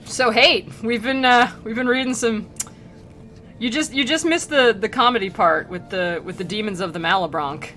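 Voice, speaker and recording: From a home streaming setup, a young woman with a high-leaning, fairly bright voice chats comically about a classic poem at a moderate pace, bubbly and giggly, saying "like" often and acting out characters in silly voices. A little hiss or hum sits under the audio.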